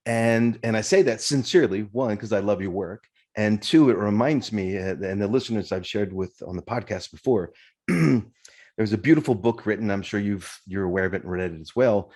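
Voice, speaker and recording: Low-voiced reflective podcast host. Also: male voice, a little fast, darkish tone. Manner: reflective, sincere, addresses listeners. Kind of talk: podcast interview.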